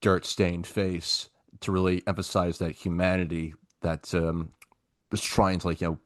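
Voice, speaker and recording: A man's voice: low voice, level tone, normal speed, dry recording, studio quality. A man hosting a casual podcast film discussion, talking in long rambling runs full of fillers. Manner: rambling, many "like, you know" fillers. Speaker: podcast host.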